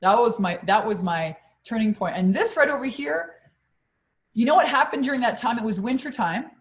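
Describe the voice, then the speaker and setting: A middle-aged woman coach on a live stream, telling a personal story in an animated, blunt way and swearing freely. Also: a little high, moderate pace. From Quebec, Canada.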